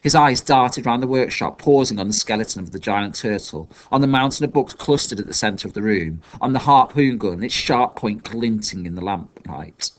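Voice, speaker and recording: A man's voice: fairly low pitch, normal speed, few pauses. A man reading a children's novel aloud as scripted narration, telling the story expressively. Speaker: audiobook reader.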